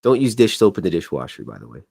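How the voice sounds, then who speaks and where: A man with a lowish voice hosts a casual stream, talking as he sketches. He rambles, jokes at his own expense and keeps up an easygoing, chatty flow. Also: big pitch swings, fast talker, creaky, a little mellow, breathy edge. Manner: rambling, chatty, self-deprecating. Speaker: show host. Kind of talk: casual livestream chat while drawing.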